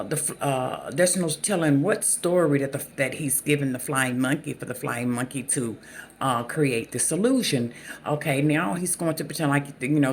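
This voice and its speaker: A host from the Southern US with a Southern accent, talking unscripted to camera in a halting way with many fillers and restarts. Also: mid-range voice, gravelly, slight background noise. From Southern United States. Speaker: channel host.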